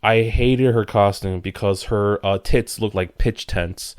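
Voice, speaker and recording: A man's voice: on the low side, fairly even intonation, a little slow, darkish tone, no echo, studio quality. Passionate, emphatic man on a podcast. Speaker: podcast co-host. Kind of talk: casual podcast chat.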